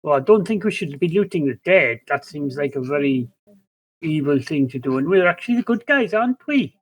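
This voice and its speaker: A man's voice: fairly high pitch, expressive, brisk. An older man voicing a cheerful male gnome artificer in a put-on Welsh accent, ending his sentences with "so it is". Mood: earnest. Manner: ends sentences with "so it is". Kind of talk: in-character tabletop play.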